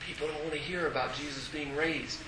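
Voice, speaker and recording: A man preaching a sermon as pastor, animated, breaking into shouts and acted quotes. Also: fairly high pitch, a little fast, reverberant, noisy background.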